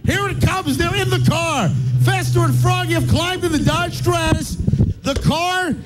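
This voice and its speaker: A man hosting and calling a live stunt outdoors, shouting and laughing breathlessly as he talks. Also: very high-pitched, a little slow, heavy background noise. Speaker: host. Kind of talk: excited live commentary.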